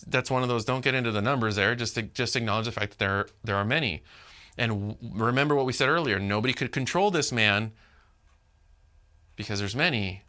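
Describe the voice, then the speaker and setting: Bright-voiced animated male pastor. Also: mid-range voice. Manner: animated, talks to the congregation, acts out quotes. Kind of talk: sermon.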